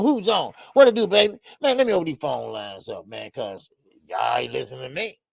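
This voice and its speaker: A man with a slightly high, gravelly voice hosts a boxing livestream, his pitch swinging widely as he jokes, curses and calls out chatters by name. The sound is dry and close, with no room around it. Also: no echo. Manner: animated, chatty, laughs often, greets chatters; profane slang. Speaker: boxing show host. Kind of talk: casual livestream commentary.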